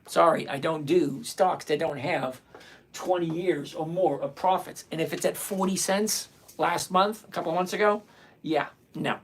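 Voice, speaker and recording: A man's voice: on the high side, moderate pace, husky. A man in his sixties hosting a live stream, reading chat questions aloud and answering in a blunt, dismissive way. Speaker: livestream host answering chat.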